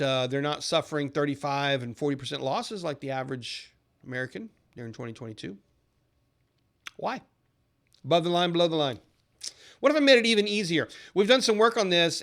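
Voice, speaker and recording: A man hosting a trading channel, giving an upbeat, persuasive recorded lesson that shifts into a sales pitch. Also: fairly bright tone. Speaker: trading educator and channel host. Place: lives in a southern US city.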